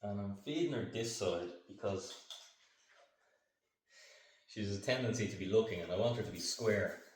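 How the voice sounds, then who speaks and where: A man training his dog on camera, calmly explaining each step and breaking off for short commands and upbeat praise to the dog. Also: fairly low pitch, moderate pace, far from the mic, slight background noise. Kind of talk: hands-on training demonstration. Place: indoor training room. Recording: echoey room, voice off-mic.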